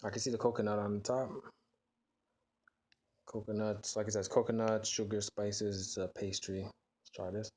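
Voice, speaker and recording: Brief: male food vlogger, lowish voice, relaxed, exclamation-heavy tasting talk. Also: normal speed, pauses often. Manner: relaxed, filler-heavy reactions with frequent exclamations. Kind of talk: casual taste-test vlog.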